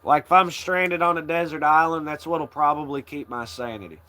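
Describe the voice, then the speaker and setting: A man's voice: on the high side, fairly even intonation, moderate pace, hardly any pauses, pushed and bright. A young man hosting a casual chat, rambling in a laid-back way, swearing often and laughing along. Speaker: channel host.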